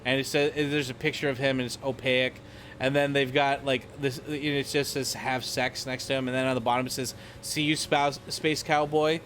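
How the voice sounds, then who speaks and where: A man's voice: mid-range voice, flat delivery, brisk, a bit bright, slight background noise. A young man from the United States vlogging in a rambling, profane, irreverent way, full of fillers. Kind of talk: casual rambling commentary.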